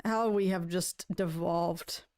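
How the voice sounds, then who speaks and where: Speaking slowly with fairly even intonation, a livestream host addresses her viewers in a low, slightly mellow, clean-toned voice. She rambles casually, stumbles into restarts, and playfully complains in a mock-dramatic tone.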